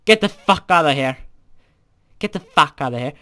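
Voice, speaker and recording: A man's voice: on the high side, animated, moderate pace. A man doing a foul-mouthed spider girl. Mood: furious. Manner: shouting insults, aggressive. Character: foul-mouthed angry female spider mob.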